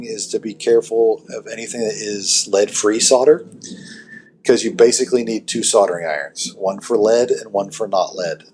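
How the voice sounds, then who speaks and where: A man's voice: mid-range voice, a little mellow. Rambling amp-builder man, many fillers. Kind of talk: casual technical podcast chat.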